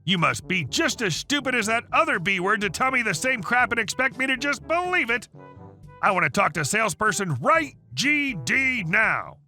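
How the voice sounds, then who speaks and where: A furious entitled woman customer yelling down the phone, read by a man. The voice climbs high and swings wildly, with a very bright, cutting tone. Faint music runs underneath. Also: very animated, moderate pace, full character voice. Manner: shrill yelling insults.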